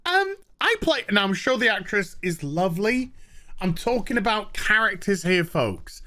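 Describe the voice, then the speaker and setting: A man's voice: sits high, very animated, moderate pace, pushed and bright. A man reviewing a TV show in a sweary, sarcastic, exasperated rant. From Northern England.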